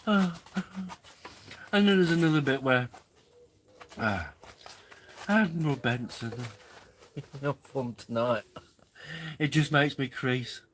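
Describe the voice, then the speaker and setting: A man's voice: mid-range voice, takes it slowly, pauses often, fairly bright tone, slight background noise, rough recording. A man hosting a live camping stream, chatting casually in a rambling way and chuckling often. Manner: rambling, chuckling, easily amused. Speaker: camping livestream host. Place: outdoors at a campsite.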